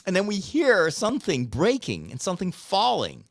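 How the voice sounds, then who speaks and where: A priest hosting a casual chat, telling a story animatedly with laughs and restarts. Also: male voice, sits high, huge pitch swings, moderate pace, creaky, no room sound, studio quality. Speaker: priest and host.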